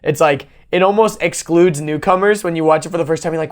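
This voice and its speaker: A man's voice: fairly high pitch, quick pace. A man hosting a podcast in casual chat, laid-back, laughing often and swearing freely. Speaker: podcast host.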